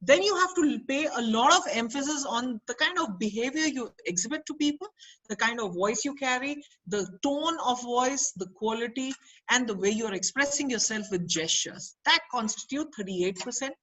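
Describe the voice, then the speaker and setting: An Indian woman runs an interactive career counselling webinar for students over a video call, mixing English and Hindi and quizzing her audience. Her voice sits on the high side and is animated, a bit bright and slightly rough, at a normal speed, and the recording is rough.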